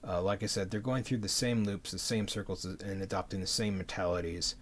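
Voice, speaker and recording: A very deep-voiced man rambles passionately to his stream, out of breath and stumbling over restarts. A faint hiss sits under his desk mic. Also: fairly even intonation, a little fast.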